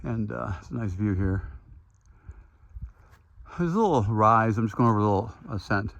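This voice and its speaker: Older guy in his 60s vlogging on a hiking trail, kinda low voice, plain talk with lots of ums. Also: normal speed, creaky, fairly bright tone, dry recording, muffled recording. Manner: plain, matter-of-fact, with frequent ums. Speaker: thru-hiker vlogger. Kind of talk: casual trail vlog. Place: outdoors on a mountain trail.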